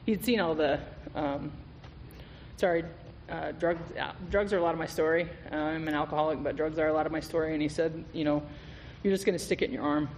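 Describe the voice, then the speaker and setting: A guest speaker at a meeting gives a candid, profane recovery testimony, telling his story with laughs. His voice is fairly high-pitched and level in tone, and he talks briskly. The sound comes from a reverberant hall with faint noise.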